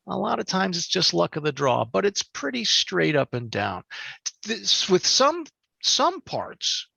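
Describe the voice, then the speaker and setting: A professional voice actor explaining auditions in an animated, halting way. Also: medium pitch, creaky, dry recording, highs cut off. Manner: animated, halting, with many restarts. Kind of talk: casual interview recollection.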